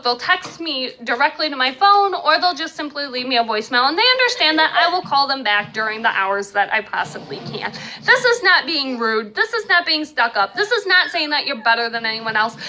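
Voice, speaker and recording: A woman's voice: high-pitched, sharp tone, a little hiss or hum. A young woman, a stay-at-home mother of five, giving casual advice to camera in an earnest, emphatic way, repeating her points for stress.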